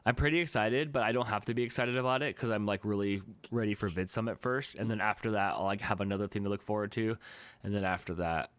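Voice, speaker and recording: A man co-hosting a podcast in casual live-stream chat, rambling and animated, slipping into silly voices for quotes. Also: lowish voice, fast, clean tone. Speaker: podcast co-host.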